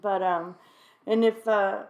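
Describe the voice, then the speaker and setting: Taking her time, a woman shares her recovery story with her sister in a relaxed sit-down chat about addiction. She's an adult with a child, her voice sits mid-range, and she talks openly, laughing at times and clearing her throat a lot.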